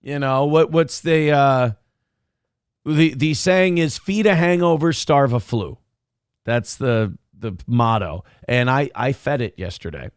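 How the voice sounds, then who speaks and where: A man's voice: mid-range voice, slow, smooth, dry recording, studio quality. A man hosting a casual morning talk show, rambling and self-deprecating as he reads viewer messages aloud. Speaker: show host.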